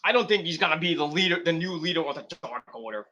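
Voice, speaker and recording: A young man hosting a wrestling stream, rambling in casual commentary and acting out scenes with quick put-on voices. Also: fairly high pitch, lively intonation, bright, forceful tone.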